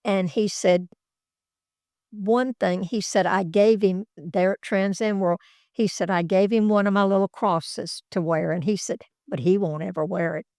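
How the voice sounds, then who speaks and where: A woman's voice: mid-range voice, steady tone, measured pace, darkish tone, no room sound. Older woman, folksy storyteller, dry close sound, rambling delivery. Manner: folksy, rambling anecdotes with acted quotes. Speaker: interviewee, former executive assistant. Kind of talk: casual storytelling. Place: office.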